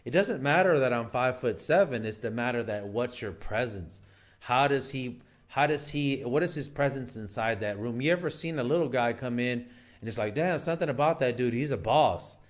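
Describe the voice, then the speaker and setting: A man talks straight to camera, handing out dating advice in a loose, unscripted way. He is emphatic but keeps circling back and restarting his sentences. His pitch sits in a middle range. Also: expressive, normal speed. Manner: rambling and emphatic, frequent fillers and restarts. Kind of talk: casual advice monologue.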